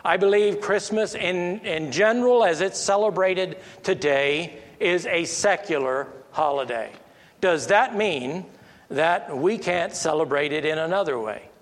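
An American man speaks slowly, pausing and restarting as he works through his thoughts. His voice sits a little high for a man, and it rings with a long reverb, as if in a large hall. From United States. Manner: halting, many restarts and fillers, rises when stressing a point. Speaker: Christian speaker. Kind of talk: informal teaching monologue.

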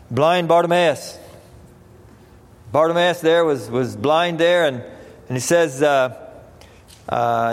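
A man preaching a sermon, reading scripture in old-fashioned wording and repeating phrases as he builds emphasis. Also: a little high. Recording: reverberant hall.

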